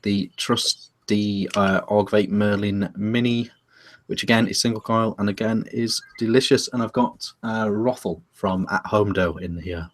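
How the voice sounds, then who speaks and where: A man's voice: fairly low pitch, steady tone, measured pace. A British man co-hosting a casual podcast, talking loosely with many fillers and restarts. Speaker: podcast co-host. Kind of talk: casual chat.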